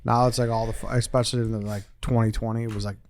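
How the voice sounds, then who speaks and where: A man co-hosting a podcast, chatting casually and tossing in quick, offhand questions. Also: mid-range voice, level tone, a little mellow. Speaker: podcast co-host. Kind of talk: casual chat.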